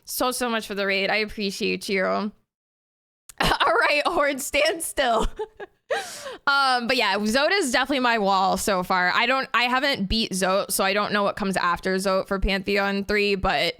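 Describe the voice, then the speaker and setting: A woman's voice: medium pitch, moderate pace, sharp tone, smooth. A woman game streamer chatting casually with viewers, giggly and rambling. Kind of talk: casual live-stream chat.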